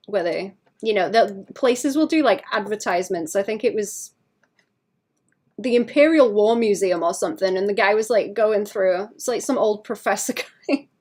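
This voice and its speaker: Soft-spoken woman chatting while drawing. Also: medium pitch. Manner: soft-spoken, rambling, laughs often, many "like" fillers. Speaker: art streamer. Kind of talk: casual chat while drawing.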